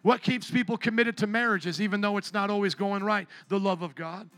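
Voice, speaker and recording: A man preaching a sermon to his church as pastor, impassioned, rising to shouts and dropping low. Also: fairly even intonation, brisk, dry recording, faint music behind. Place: church sanctuary.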